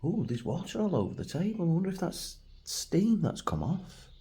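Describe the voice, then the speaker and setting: A man's voice: high-pitched, sing-song, moderate pace, dark tone, slightly rough. A middle-aged man with a Manchester accent, chatting and rambling casually as he reviews food at home for his vlog. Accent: Manchester English. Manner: rambling, chatty, self-deprecating. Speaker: food vlogger. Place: home, at a table.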